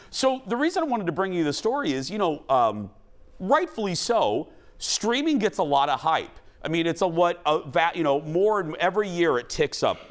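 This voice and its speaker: A man hosting a talk show, chatting loosely about entertainment news with frequent restarts. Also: high voice. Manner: animated and rambling, with frequent restarts. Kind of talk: casual entertainment news chat.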